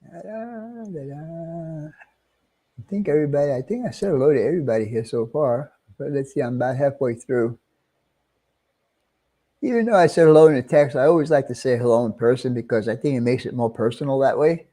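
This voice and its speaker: A man's voice: medium pitch, animated, brisk, mellow. A middle-aged man with a New York accent, hosting a casual livestream and greeting viewers one by one with friendly chuckles. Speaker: livestream host.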